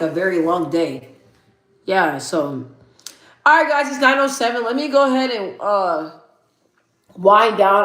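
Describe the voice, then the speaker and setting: A young woman hosting a casual livestream, laughing often and chatting with her viewers as she reads the chat. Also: mid-range voice. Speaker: livestream host. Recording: echoey room.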